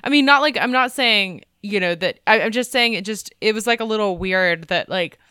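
A woman's voice: mid-range voice, normal speed, bright, forceful tone, clean tone, no room sound, clean studio sound. A woman co-hosting a podcast, chatty and hedging, with many fillers and restarts. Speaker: podcast co-host. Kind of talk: casual chat.

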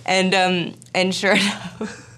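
A woman who acts and directs, telling a story in a casual interview, chatty and animated with plenty of fillers. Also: medium pitch, takes it slowly. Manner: animated, chatty, full of fillers and quoted asides. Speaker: actor and film director.

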